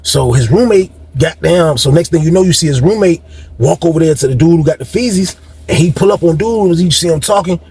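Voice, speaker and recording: Husky guy rambling through a story, talks quick, slangy, keeps talking to his listeners. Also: a little high, darkish tone. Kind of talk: casual storytelling.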